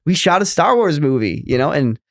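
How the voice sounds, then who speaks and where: A man's voice: fairly high pitch, very animated, fairly quick, vocal fry, dry recording, clean studio sound. A man in his thirties co-hosting a podcast in casual chat, rambling with lots of fillers. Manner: rambling, many fillers and restarts. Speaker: podcast co-host.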